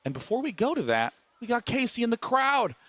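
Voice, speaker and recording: A man's voice: extremely high pitch, wildly swooping pitch, fairly quick, a bit bright. A man hosting a live esports panel, upbeat, passing questions to his guests. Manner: upbeat, steers talk between guests. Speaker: panel host.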